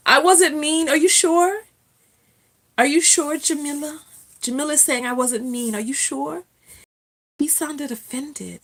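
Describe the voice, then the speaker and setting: A woman's voice: high-pitched, takes it slowly, a bit bright. A woman hosting a casual live stream from home, chatting with viewers, reading their comments aloud and laughing often.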